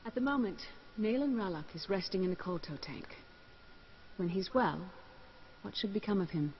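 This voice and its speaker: An actress playing a calm, wise Jedi master woman in a video game, measured and composed. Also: medium pitch, highs cut off, slight background noise, natural voice.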